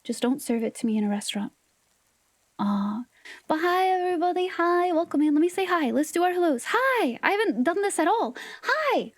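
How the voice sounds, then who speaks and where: A woman's voice: extremely high pitch, very animated, moderate pace, dry recording. A woman livestreamer chatting casually with her viewers, playful and teasing, sometimes dropping into whispered asides. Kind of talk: casual live-stream chat with viewers.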